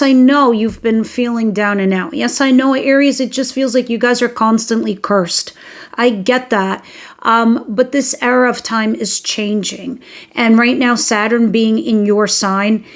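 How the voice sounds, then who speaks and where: A young woman giving a casual tarot reading, talking directly and emphatically to her listeners, with the odd swear word. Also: a little high. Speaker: tarot reader.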